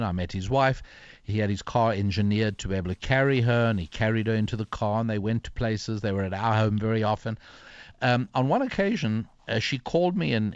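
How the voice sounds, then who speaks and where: An older male author, appearing as an interview guest, reflects and tells stories in a fairly low voice. The audio is dry and dull with no room sound, and his speech is full of fillers and restarts.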